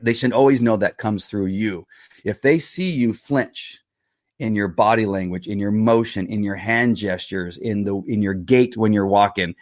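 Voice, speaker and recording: Middle-aged male dog trainer, earnest and rambling live-stream talk, low voice, dry sound. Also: no room sound. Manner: earnest, rambling, answers viewer comments.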